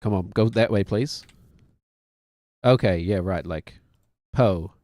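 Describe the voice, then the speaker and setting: Casual New Zealand streamer in his thirties, unhurried delivery, dry close mic, chatty self-mocking humor. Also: on the low side, warm tone, dry recording. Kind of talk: casual game commentary.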